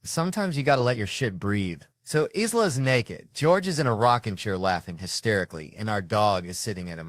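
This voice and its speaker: Low-voiced man telling a crude story on stage. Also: fairly quick, few pauses, no echo, studio quality. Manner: crude, animated storytelling with swearing. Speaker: comedian. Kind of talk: stand-up storytelling.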